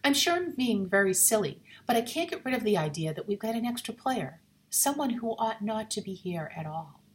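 A woman doing a gentle, uneasy lady at a party. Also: mid-range voice, sing-song, brisk, voice pushed up, natural voice. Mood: confiding. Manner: soft, worried, confiding. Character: gentle, anxious middle-aged lady guest.

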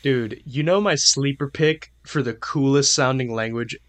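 A man's voice: mid-range voice, a little slow, fairly bright tone. Rambling man with a mid voice. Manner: rambling, full of fillers and laughs. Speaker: podcast co-host. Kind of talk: casual chat.

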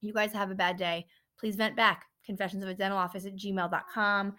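Frustrated woman ranting on her podcast, blunt and sweary, mid-pitched voice. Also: level tone, brisk, sharp tone. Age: adult parent. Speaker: podcast host, dental office administrator. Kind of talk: venting solo podcast.

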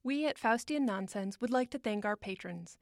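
A woman hosting a podcast, reading a scripted list of patron thank-yous in an even, measured way. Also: medium pitch, vocal fry, dry recording. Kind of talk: scripted read.

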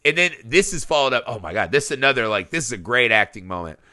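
Animated, bright-voiced man talking movies. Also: quick pace, dry recording, studio quality. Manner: animated, profane, acts out quotes with big pitch jumps. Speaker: podcast co-host. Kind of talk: casual movie discussion.

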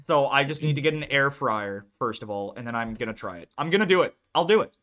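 A man's voice: mid-range voice, expressive, fast talker, fairly bright tone. A young American man co-hosting a casual podcast, chatting in a laid-back, rambling way and laughing often. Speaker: podcast co-host. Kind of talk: casual chat.

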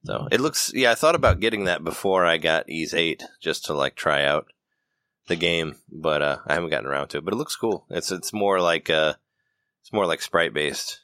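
Deep-voiced man, bright and dry. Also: moderate pace, dry recording. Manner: laughs often, restarts sentences. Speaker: podcast host. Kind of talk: casual gaming chat.

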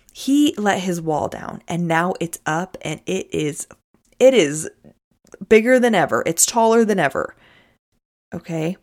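A woman's voice: on the low side, a little mellow. Woman, advice host; frank, direct coaching delivery to camera. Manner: frank, coaching, addresses listener as "you". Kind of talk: direct-to-viewer advice talk.

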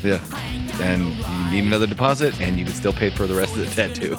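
A man's voice: deep voice, fast, music in the background. A man hosting a podcast in casual chat, telling long jokes with frequent laughter and swearing. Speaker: podcast host.

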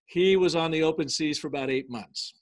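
A man with a slightly higher voice tells a story with lively, emphatic energy. He speeds up and slows down for stress, acting out the voices in his anecdote in a relaxed interview chat. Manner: energetic and emphatic, shifting between quick bursts and slow stresses; acts out quoted speech in dialogue. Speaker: business storytelling consultant, guest. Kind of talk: conversational interview, telling an anecdote.

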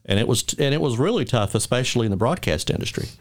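A man hosting a casual interview, looking back on his own broadcasting days in a halting, conversational way. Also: medium pitch, expressive. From Macon, Georgia area. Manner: reminiscing, halting with restarts. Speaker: host.

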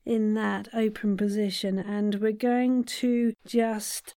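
A woman coaching voice actors, guiding warm-up exercises and tongue twisters in a playful, encouraging way. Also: medium pitch, little pitch movement, slow pace, no room sound, studio quality. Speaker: voice acting coach. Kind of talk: guided vocal warm-up.

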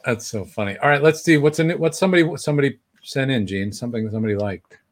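A man's voice: medium pitch, lively intonation. A man co-hosting a casual podcast chat, laughing easily and jumping in. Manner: laughing, quick to jump in. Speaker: co-host.

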